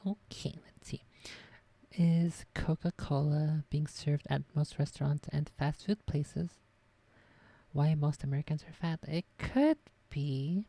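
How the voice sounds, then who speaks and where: A woman's voice: low voice, measured pace, dark tone, no echo. A woman streaming from her desk at home, chatting casually and rambling offhand. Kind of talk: casual live-stream chat.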